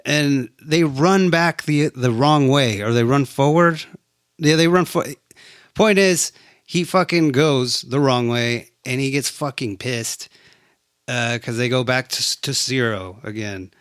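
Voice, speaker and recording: A man chatting loosely about a film he watched, peppering his talk with swearing and jumping into the characters' lines. His voice sits at an ordinary pitch. The sound is dry and close, with no room ring. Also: unhurried, clear, resonant tone, no echo. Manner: animated, profane, acts out scenes. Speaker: movie reviewer. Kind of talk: casual chat.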